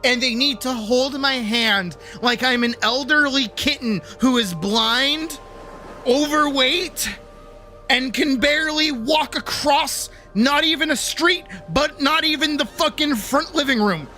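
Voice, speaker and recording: A very high, bright voice belongs to a man streaming a game, ranting and swearing loudly at a puzzle. He moves between disbelieving complaints and yelling fits, with faint game music under his voice. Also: measured pace. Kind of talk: live gameplay commentary.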